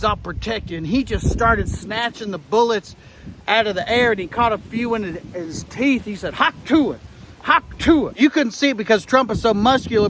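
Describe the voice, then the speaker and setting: A comedian plays a rally eyewitness in a deadpan satirical monologue, his bright, high voice rambling flatly before erupting into shouted slogans and gun-sound noises. The recording is rough, with a little hiss or hum.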